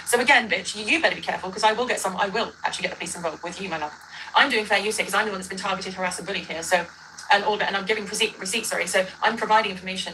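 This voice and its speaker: A woman's voice: mid-range voice, racing, a bit bright, a little hiss or hum, low-quality recording. A woman ranting in a reaction video, rambling, combative and correcting herself as she goes, played back during a livestream. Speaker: livestreamer in a dispute.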